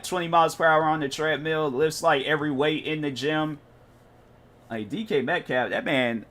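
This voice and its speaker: A man's voice: on the high side, fairly bright tone. Laid-back young man chatting while gaming. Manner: rambling, laid-back slang. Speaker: streamer. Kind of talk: casual chat while gaming.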